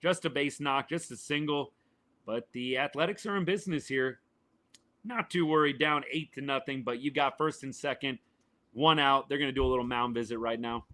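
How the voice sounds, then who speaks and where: A man, his voice worn and going hoarse, chatting casually as a podcast host reacting live to a baseball game and answering viewers. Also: mid-range voice, normal speed, bright, forceful tone. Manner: chatty, answers chat viewers by name, says y'all. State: voice worn and failing, a little quieter than usual.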